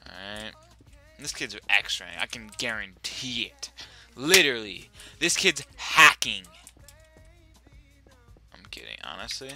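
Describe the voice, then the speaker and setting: A young man giving profane, excitable commentary while playing as a server admin, often repeating himself. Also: mid-range voice. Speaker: Minecraft server admin streamer. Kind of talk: gameplay commentary while recording.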